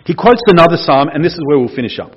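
Husky-voiced preacher. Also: male voice, fairly high pitch, lively intonation, rapid-fire, dull audio. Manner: conversational, explains and asks the congregation questions. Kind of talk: casual sermon with Bible reading. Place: church.

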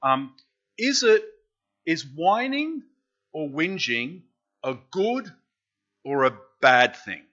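A man preaches in a church and keeps asking the congregation questions. His voice is bright and lively. The recording sounds dull and lo-fi. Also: on the high side, takes it slowly, pauses often. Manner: chatty, asks the congregation questions. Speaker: pastor. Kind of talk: interactive sermon.

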